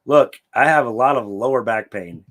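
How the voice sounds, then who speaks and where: A young man co-hosting a book podcast in casual chat, laid-back and swearing freely, acting out quotes with sudden loud yelps. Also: mid-range voice, normal speed. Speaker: podcast co-host recapping a book series.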